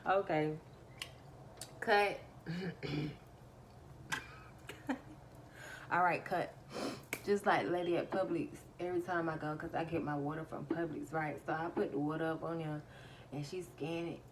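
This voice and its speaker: A woman's voice: low voice, steady tone, unhurried, pauses often, distant mic, a little hiss or hum, poor audio. A woman casually telling her viewers a story, laughing often as she retells it. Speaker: vlogger.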